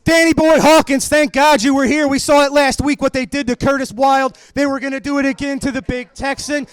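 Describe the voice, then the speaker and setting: A man calling a wrestling match play-by-play, excited and often shouting his calls. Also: very high voice, brisk, no room sound. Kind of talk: live wrestling commentary.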